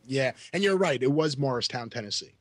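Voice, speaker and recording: A man co-hosting a podcast in casual chat, animated and quick to laugh. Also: medium pitch, dry recording. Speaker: podcast co-host.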